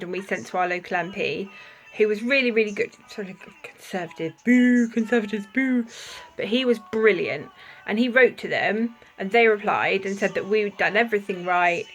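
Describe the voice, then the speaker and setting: A woman's voice: mid-range voice, a bit bright, rough recording. A woman vlogging straight to her viewers in a mid-range voice. She speaks with emphatic indignation and breaks off to apologise. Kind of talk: casual vlog to camera.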